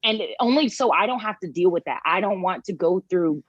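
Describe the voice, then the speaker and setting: A woman's voice: lowish voice, fairly quick, husky, no room sound. Young woman telling a story, dry sound. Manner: animated storytelling, many "like" fillers. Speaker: panelist. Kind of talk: casual chat. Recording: slightly dull, dry sound.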